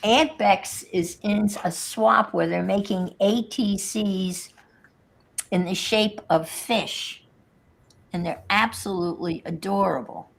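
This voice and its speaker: A woman's voice: mid-range voice, slow pace, gravelly. A woman chatting casually on a craft livestream, wry and joking. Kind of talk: casual chat.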